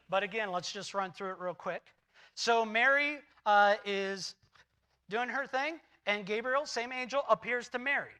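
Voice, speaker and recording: Bright-voiced, animated male pastor preaching. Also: very high voice. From United States. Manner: animated storytelling, acts out the characters' lines in paraphrase. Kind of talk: sermon. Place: church sanctuary.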